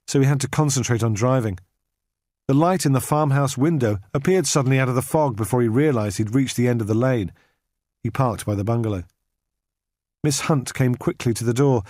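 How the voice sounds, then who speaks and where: Man, audiobook narrator, scripted narration, measured, understated, mid-pitched, dry studio recording. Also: a little mellow, dry recording. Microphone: studio microphone.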